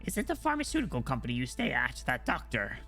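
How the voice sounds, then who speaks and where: A man's voice: medium pitch, wildly swooping pitch, fast talker, vocal fry, pushed and bright, faint music behind, exaggerated voice. A man voicing a cold, scheming nobleman while reading game dialogue aloud on a stream. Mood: cool, probing.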